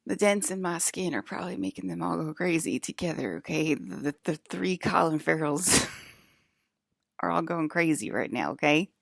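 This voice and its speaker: A young woman talks to her stream chat in a low register with a gravelly, fry-heavy edge. She rambles from thought to thought, laughs often and trips over her own restarts. The sound is dry and close, with no room around it. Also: expressive, normal speed, no echo. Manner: giggly, rambling, full of fillers and restarts. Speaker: livestreamer talking to chat. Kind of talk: rambling casual monologue.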